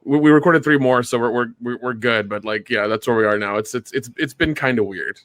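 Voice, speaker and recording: A man talks casually as a podcast guest, stopping and repeating words as he goes. His pitch sits in a middle range, and the sound is dry and close. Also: fairly bright tone, dry recording. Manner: halting, repeats words often. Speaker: guest, fellow channel creator. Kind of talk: casual chat.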